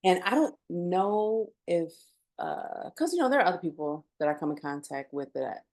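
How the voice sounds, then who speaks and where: A woman with a fairly low voice co-hosts a casual podcast. She talks things through unhurriedly and thoughtfully, with laughing asides along the way. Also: expressive, moderate pace, a little mellow. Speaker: podcast co-host. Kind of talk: casual chat.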